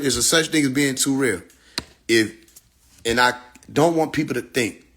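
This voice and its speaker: Brash, profane man ranting with a husky voice. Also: medium pitch, fairly bright tone. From Atlanta. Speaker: livestream host. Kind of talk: casual livestream rant. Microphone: phone.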